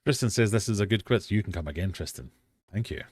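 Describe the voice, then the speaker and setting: A man's voice: lowish voice, animated, fast talker, dry recording, clean studio sound. A British man hosting a live-stream quiz from his fish room, reading out questions and chatting with self-mocking dad jokes.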